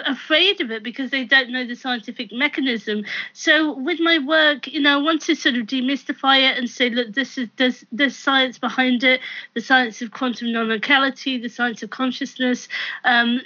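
A woman's voice: sits high, pushed and bright, dull audio. A woman guest author explaining her ideas in an interview, with many fillers and restarts. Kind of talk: interview answers.

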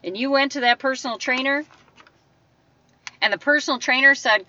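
A woman's voice: high voice, normal speed, bright, forceful tone, distant mic, lo-fi sound. A woman giving an emphatic motivational talk in a conversational way, acting out the voices she quotes. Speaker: motivational speaker. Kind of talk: motivational monologue.

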